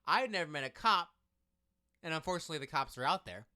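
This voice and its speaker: A man talks in a lively, animated way, often breaking off and restarting his sentences. His voice is bright and forceful, with a smooth, crisp clarity. He is co-hosting a casual political chat. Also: a little high, fast. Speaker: podcast co-host.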